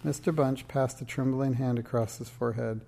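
Man, storybook reader, gravelly, dark mellow tone, steady pace. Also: medium pitch, normal speed. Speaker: narrator. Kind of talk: reading a children's book aloud.

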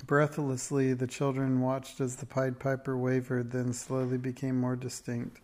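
A man reading a children's storybook aloud in a steady, expressive way. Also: mid-range voice, a little slow. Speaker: narrator.

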